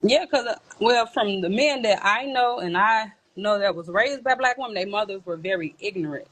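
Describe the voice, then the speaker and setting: A woman speaks earnestly and plainly, standing firmly by her views. Her voice sits at a medium pitch. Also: normal speed, a bit bright, poor audio. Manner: earnest, opinionated, plain-spoken. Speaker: guest.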